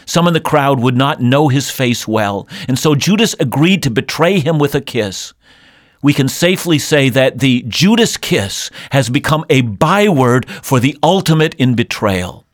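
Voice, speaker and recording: A man's voice: mid-range voice, lively intonation, moderate pace, dry recording, studio quality. A man preaching a sermon in an earnest, emphatic way. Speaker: pastor. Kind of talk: radio sermon.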